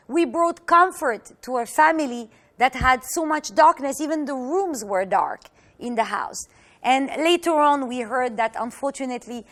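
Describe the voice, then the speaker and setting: A woman teaching through a personal story, speaking in an earnest, halting way and acting out the voices she quotes. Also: sits high, a bit bright.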